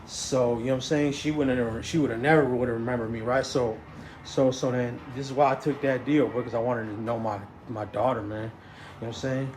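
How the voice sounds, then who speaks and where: Recorded in an echoey space with faint background noise, a man tells a casual story in a medium-pitched, slightly mellow voice. He speaks a little fast with fairly even intonation, rambling, stammering, restarting and saying "you know what I'm saying" repeatedly.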